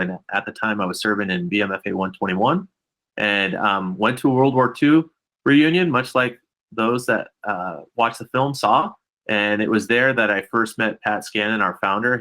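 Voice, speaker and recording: A man answering interview questions in a steady, measured way, with a few hesitations. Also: lowish voice. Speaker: guest, nonprofit president.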